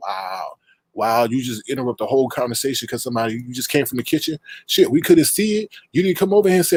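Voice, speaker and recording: A man's voice: high-pitched, sing-song, a little fast, a little mellow, husky, no echo. A man hosting a livestream, scolding and insulting people in a heated roast rant. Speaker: livestream host.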